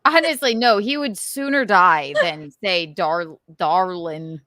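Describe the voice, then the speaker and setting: A woman's voice: mid-range voice, big pitch swings, a little slow, sharp tone, no room sound, clean studio sound. A woman co-hosting a podcast in casual chat, playful and teasing. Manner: playful, teasing, drawls mock accents. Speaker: podcast co-host.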